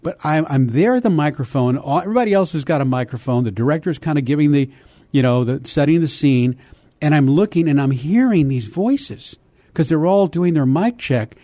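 An older man, a voice actor, telling stories in an interview with lively energy. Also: a little high, a little fast, no room sound. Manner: animated, slips into character voices. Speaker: voice actor guest. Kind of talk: storytelling interview.

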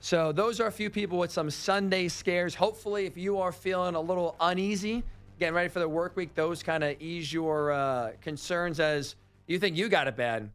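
A man's voice: sits high, moderate pace, clear, resonant tone. A man hosting a sports talk radio show, telling stories with incredulous, ranting energy.

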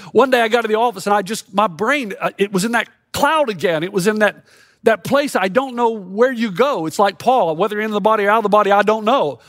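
A middle-aged male pastor delivers a sermon in a lively storytelling manner. His voice sits fairly high for a man. The sound is close and dry, with no room echo. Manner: storytelling, acts out quotes with rising intensity.

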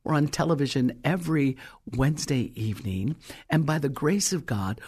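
A middle-aged woman preacher telling a story in a sermon, stressing key words slowly. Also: deep voice, lively intonation, a little mellow, breathy edge.

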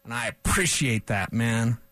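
A man hosting a sports talk radio show, ranting in an animated, opinionated way into a studio microphone. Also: mid-range voice, unhurried, no echo.

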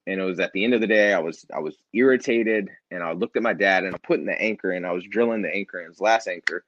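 A man with a low voice tells a personal story as a guest in a casual interview, slipping into the voices of the people he quotes. The sound is dry and a little dull, as on a lo-fi recording. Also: fast, no echo. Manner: animated storyteller, acts out quoted dialogue. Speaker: guest, nonprofit founder.

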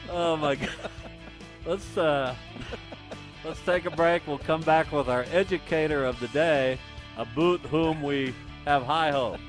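A man's voice: a little high, a little slow, over music. A man hosting a sports radio show, needling and joking with his co-host. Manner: needling, playful, jokey. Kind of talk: casual sports talk banter.

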